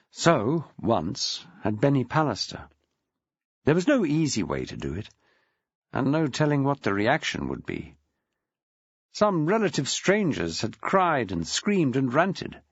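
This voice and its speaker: A man narrating a crime novel audiobook with expressive, varied storytelling. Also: mid-range voice, slightly rough, dry recording, muffled recording. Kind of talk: scripted narration.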